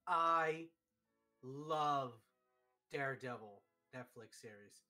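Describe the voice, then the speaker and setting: A man hosting a live stream, chatting casually and telling stories excitedly, with lots of fillers. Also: medium pitch, takes it slowly, faint music behind. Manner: excitable, animated storytelling with many fillers. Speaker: streamer host. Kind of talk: casual chat.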